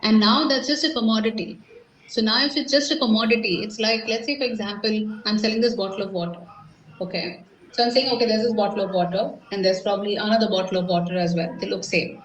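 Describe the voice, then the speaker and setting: A woman's voice: mid-range voice, steady tone, quick pace, far from the mic, muffled recording. A middle-aged Indian-accented woman speaks as a sales coach at a live seminar, driving her points home with rhetorical questions to the crowd. Her voice sits in a mid register and comes from a little away from the mic. The room is echoey, with a faint hum of ambience behind her. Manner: emphatic, rhetorical questions to the audience. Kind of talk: live motivational seminar talk.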